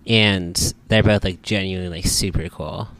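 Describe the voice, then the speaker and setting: A man co-hosting a casual podcast chat, laid-back and jokey, halting with filler words. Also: deep voice, fairly even intonation, fairly bright tone. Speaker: podcast co-host.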